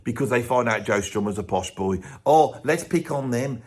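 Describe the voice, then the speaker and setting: A man's voice: medium pitch, animated, normal speed, darkish tone, lightly acted. A man playing a blunt, grumpy middle-aged rock fan with a Birmingham accent, rambling and swearing in a comic rant. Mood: grumbling. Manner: rambling, swears often, scoffing. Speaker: comedy character host.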